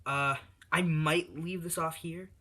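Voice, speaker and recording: A man's voice: a little high, fairly even intonation, takes it slowly, bright, forceful tone. A man telling an improvised fan story in a rambling way full of fillers, recorded on a tablet.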